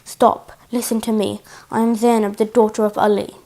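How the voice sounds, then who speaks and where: A woman's voice: mid-range voice, flat delivery, normal speed, warm tone, natural voice. A woman reading as a grieving noblewoman. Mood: protective. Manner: pleading, lamenting. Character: grieving noblewoman, sister and guardian.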